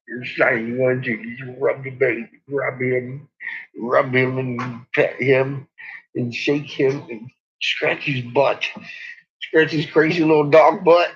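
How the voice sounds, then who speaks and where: A man's voice: medium pitch, steady tone, takes it slowly, muffled recording. A man chatting in a rambling way about his dogs, chuckling often and cooing at them. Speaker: dog owner vlogger. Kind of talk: casual rambling chat.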